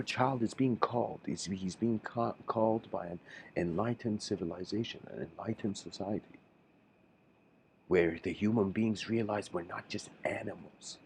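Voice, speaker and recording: A man giving a livestreamed spiritual lecture, musing and halting, often restarting his sentences. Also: sits low, vocal fry, slight background noise, rough recording.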